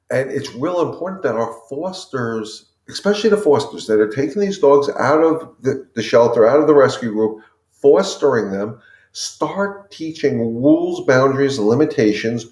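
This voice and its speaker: A man's voice: medium pitch, darkish tone. A man hosting a live dog-training Q&A, talking earnestly and repeating himself, often calling his viewers "guys". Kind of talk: impassioned casual talk to viewers. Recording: roomy echo.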